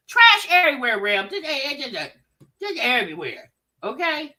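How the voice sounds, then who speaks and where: A woman hosting a reaction video, giving loud, teasing commentary and talking straight to her viewers. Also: high voice, huge pitch swings, moderate pace.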